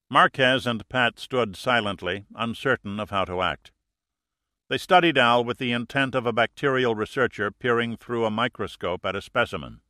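A man narrating a thriller audiobook in a steady, measured way. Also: mid-range voice, dry recording, clean studio sound.

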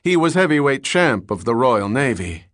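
A man's voice: medium pitch, very animated, normal speed, fairly bright tone, dry recording, studio quality, pitched above the performer's own voice. A man voicing an affable middle-aged bar owner who talks eagerly and boastfully.

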